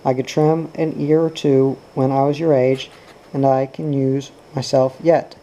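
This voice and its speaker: A man reading as a gruff older trainer. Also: medium pitch, little pitch movement, a little slow, mellow, muffled recording, natural voice. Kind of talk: audiobook reading.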